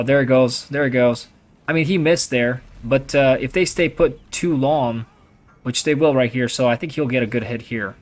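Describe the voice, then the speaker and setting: A young man with a mid-range voice talks over his own strategy gameplay. His commentary is casual, chatty and rambling, packed with fillers and restarts.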